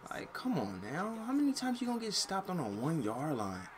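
Brisk and barely pausing, this young gaming channel host has a slightly high voice with huge pitch swings. He talks slang over his football video game, getting frustrated and cursing at it when plays fail.

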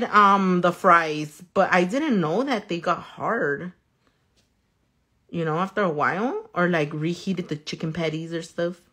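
A woman's voice: mid-range voice, a bit bright. Profane, chatty woman nail artist. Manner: loose and profane, chatty, reads viewer comments. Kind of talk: casual storytelling while working.

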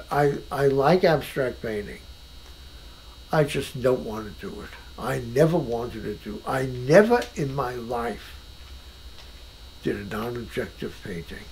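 An older man, a painter, talking at home about art in an animated and emphatic way, often restarting his sentences. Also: mid-range voice, measured pace, vocal fry, slight background noise, low-quality recording. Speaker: painter being interviewed. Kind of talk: casual conversation. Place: his own house.

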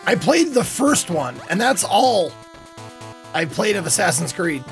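A man streaming a game, giving casual commentary with quick, profane asides. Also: sits high, very animated, creaky, faint music behind. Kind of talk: casual let's-play commentary.

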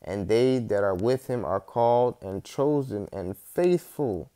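A man teaching scripture in a preachy way, reading verses aloud loudly and tagging lines with "man" and "okay". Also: on the low side, animated, a little slow. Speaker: street preacher.

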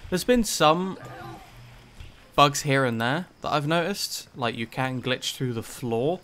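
A man's voice: medium pitch, lively intonation, takes it slowly, sharp tone, slight background noise. A man giving casual gameplay commentary, rambling with lots of ums and likes and some swearing. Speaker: gaming channel host.

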